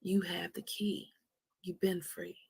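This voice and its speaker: A woman hosting a motivational livestream, speaking softly and slowly with a Southern American touch, often dropping to a whisper. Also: lowish voice, little pitch movement, gravelly, slightly rough, no room sound. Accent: American, Southern country touch. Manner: soft, slow and prayerful, often dropping to a whisper. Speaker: livestream host.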